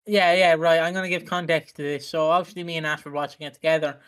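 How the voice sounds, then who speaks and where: A man's voice: a little high, little pitch movement, fast talker, a bit bright, clean tone. A young man co-hosting a casual podcast, joking and giggling, often swearing. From Britain. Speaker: podcast co-host. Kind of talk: casual chat.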